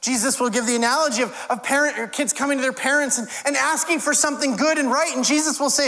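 A man's voice: very high voice, fast, few pauses, pushed and bright. A male pastor preaching a sermon in a conversational way, with wry humorous asides. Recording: long hall reverb.

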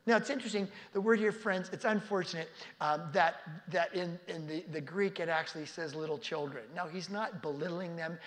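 A man preaching a sermon as a pastor, telling the story vividly and dropping at times to a hushed near-whisper. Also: fairly high pitch, brisk, few pauses. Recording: reverberant hall.

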